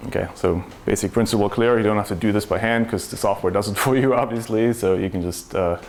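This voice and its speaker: A man's voice: fairly low pitch, fast talker, darkish tone, a little hiss or hum. A man giving a technical conference talk to a room, explaining step by step and asking rhetorical questions. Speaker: conference speaker.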